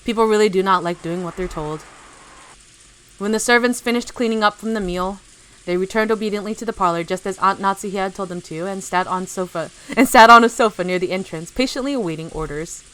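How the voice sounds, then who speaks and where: A woman's voice: medium pitch, fairly quick, fairly bright tone. Giggly woman streamer reading aloud. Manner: giggly, self-correcting, chatty asides.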